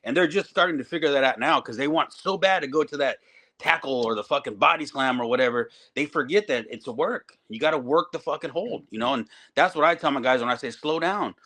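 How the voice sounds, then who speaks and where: A middle-aged man, a veteran wrestling trainer, telling stories in a profane, animated way in a casual podcast chat. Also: mid-range voice, quick pace.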